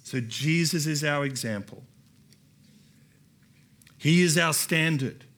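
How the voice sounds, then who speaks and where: Speaking slowly in a slightly high, somewhat bright voice, an Australian pastor preaches in a church hall. He builds toward emphatic repetition and calls out to the congregation.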